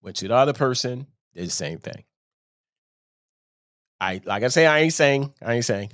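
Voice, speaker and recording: A man's voice: mid-range voice, expressive, moderate pace, pauses often, fairly bright tone, dry recording. A man hosting a show, telling a story in a rambling, casual monologue and often laughing at himself. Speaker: show host.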